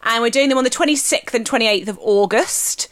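A woman's voice: fairly high pitch, fairly quick. A woman in her thirties, co-hosting a podcast in a rambling, chatty way with many fillers. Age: 30s. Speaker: podcast co-host. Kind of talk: casual chat.

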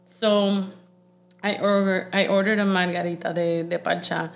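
A woman's voice: on the low side, normal speed, vocal fry. A woman with a Puerto Rican accent, telling stories in a casual chat with lots of swearing and laughter. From Puerto Rico. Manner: animated, profane, laughing storyteller.

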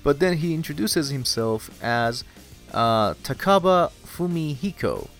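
Casual young male recapper, filler-heavy, animated intonation, soft music bed. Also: on the high side, unhurried. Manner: rambling, heavy "you know" fillers, laughs at the story. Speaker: anime recap commentator.

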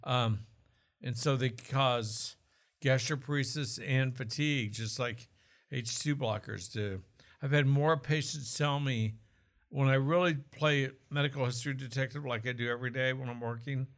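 A man's voice: mid-range voice, steady tone, normal speed. A man from Oklahoma talking casually about health as a co-host, explaining with asides and jokes. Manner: chatty, explanatory, jokes and restarts.

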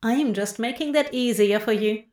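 A woman's voice: a little high, moderate pace, darkish tone, roomy sound, lightly acted. A woman voicing a seductive, sly male plant-fey king who murmurs and chuckles knowingly.

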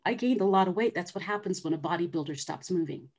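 Middle-aged woman, guest in interview, earnest storytelling, somewhat low pitch. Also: fast, a little mellow. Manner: earnest, acts out quoted voices.

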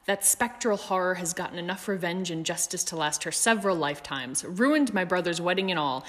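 A woman's voice: fairly low pitch, a little fast, long reverb tail, lightly acted. A raging old woman, as a female narrator puts her on. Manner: ranting, loud and indignant. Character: angry old woman haunted by a ghost.

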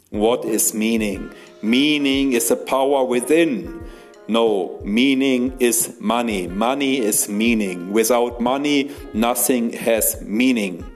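A man delivering a mock guru monologue for a podcast, slowly repeating short chant-like phrases. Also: mid-range voice. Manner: slow, repetitive, chant-like phrases.

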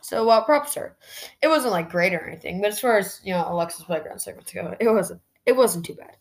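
A woman's voice: mid-range voice, animated, a little fast, a little hiss or hum. A woman hosting a podcast, casually reviewing a wrestling show in a chatty way, full of "like" fillers. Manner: chatty, heavy use of "like" fillers. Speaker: podcast host.

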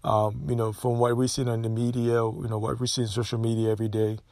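A Haitian man whose first language is Haitian Creole, giving his views to viewers in a casual monologue. He explains slowly and often restarts his phrases. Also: medium pitch, flat delivery, darkish tone, dry recording. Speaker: commentator sharing his view.

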